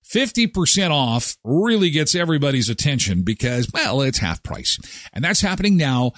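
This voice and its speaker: A man hosting a casual morning radio show, reading ads and joking about the news in an animated way. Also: mid-range voice, moderate pace, dry recording, clean studio sound. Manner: animated, jokey, acts out voices. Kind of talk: casual morning show chat with live ad reads.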